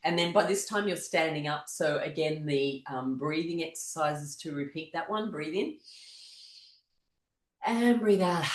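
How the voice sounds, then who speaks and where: A laughter class leader in a mid-pitched voice, calmly talking listeners through a morning laughter routine. Each step is spelled out gently, with an open invitation to copy along. Soft fillers slip in here and there as the instructions unfold. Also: moderate pace, hardly any pauses. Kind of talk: guided laughter exercise class.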